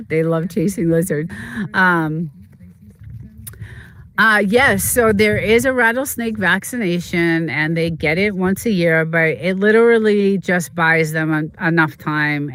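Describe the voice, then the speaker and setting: Livestream host who chats casually, rambling and halting between fillers. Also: medium pitch, fairly bright tone, clean tone. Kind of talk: casual chat while streaming a game.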